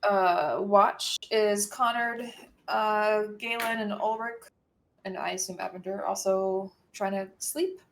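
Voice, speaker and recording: A woman's voice: medium pitch, fairly even intonation, takes it slowly, a little hiss or hum. Woman narrating as dungeon master. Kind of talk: narrating a tabletop game.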